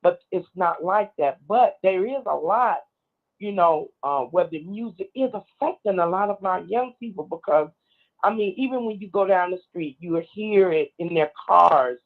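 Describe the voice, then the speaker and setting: Woman caller, earnest, gravelly, tinny phone line. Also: fairly low pitch, animated, moderate pace. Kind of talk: call-in radio commentary.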